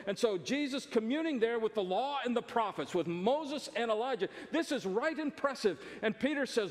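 High-voiced preacher in a resonant church. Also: male voice, lively intonation, fairly quick, few pauses, long reverb tail. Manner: emphatic, conversational preaching, repeating phrases. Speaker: pastor. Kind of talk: sermon.

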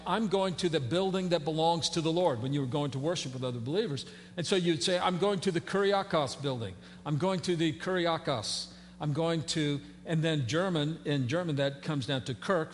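A man delivers a sermon in a relaxed, folksy way, full of fillers and teasing asides to the congregation. His voice sits fairly high for a man. The sound carries a long church reverb with a faint hum underneath. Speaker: pastor. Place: church sanctuary.

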